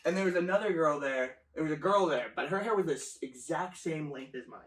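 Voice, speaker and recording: A man's voice: on the high side, fairly quick. Profane young man telling stories. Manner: profane, animated storytelling with laughter. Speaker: storyteller guest. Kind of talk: casual chat. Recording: echoey room, mic at a distance.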